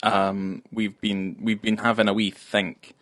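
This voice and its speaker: Rambling low-voiced man. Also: flat delivery, unhurried, a bit bright, dry recording. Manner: rambling, jokey, lots of fillers and restarts. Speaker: podcast co-host. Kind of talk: casual film podcast chat.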